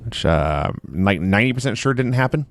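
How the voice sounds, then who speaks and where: A man chats on a podcast in a wry, sarcastic way. His voice is mid-pitched with a lively rise and fall. It is recorded close and dry. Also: brisk, no echo. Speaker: podcast co-host. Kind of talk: casual chat recapping wrestling.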